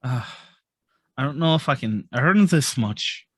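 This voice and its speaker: A man's voice: medium pitch, animated, a little slow, a bit bright, breathy edge, no echo. Shy young shopkeeper girl, a man voicing her. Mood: timid. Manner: timid, hesitant, polite.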